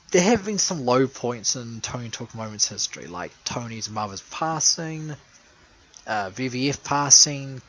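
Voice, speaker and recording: A man's voice: mid-range voice, fairly bright tone, poor audio. A man giving a casual, rambling spoken retrospective, sarcastic and crude, full of fillers and self-corrections. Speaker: video maker recapping a call-in show.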